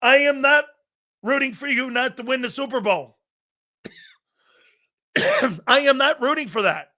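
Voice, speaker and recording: Excitable man hosting a loud sports show. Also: very high-pitched, a little slow. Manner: loud, excitable, laughs often, argues with chat. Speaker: sports talk show host. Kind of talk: live sports talk show reading chat.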